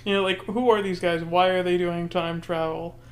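Joking podcast co-host, mid-pitched. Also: fairly even intonation, moderate pace. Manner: joking, laughs mid-sentence. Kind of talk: casual brainstorming chat.

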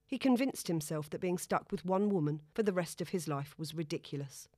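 Low-voiced woman narrating a novel. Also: expressive, fairly quick, mellow, dry recording, clean studio sound. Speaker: audiobook narrator. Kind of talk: scripted narration.

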